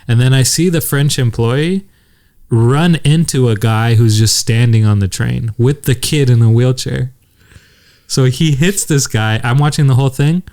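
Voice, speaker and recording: A man's voice: medium pitch, unhurried, mellow. A young man co-hosting a podcast, telling a rambling story in casual chat and laughing often. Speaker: podcast co-host.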